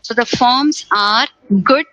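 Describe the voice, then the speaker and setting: Woman teacher, fairly high and bright, explains grammar step by step with rhetorical questions. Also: takes it slowly, no echo, rough recording. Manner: repeats key words, asks rhetorical questions. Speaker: English teacher. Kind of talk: exam-prep grammar lesson.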